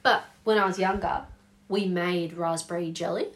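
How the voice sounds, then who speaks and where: Aussie woman podcast cohost, low-ish voice, animated, swears a bit. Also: normal speed. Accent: Australian. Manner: animated, swears casually, acts out quotes. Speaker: podcast co-host. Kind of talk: casual chat.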